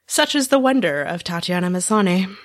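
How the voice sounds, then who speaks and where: A woman's voice: fairly low pitch, expressive, a little fast, no echo, studio quality. Woman co-host reading listener mail. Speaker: podcast co-host.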